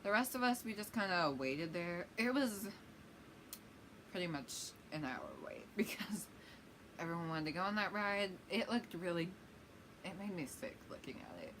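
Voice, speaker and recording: A woman's voice: on the low side, very animated, moderate pace, fairly bright tone, slight background noise. A woman vlogger telling a rambling, chatty story-time tale.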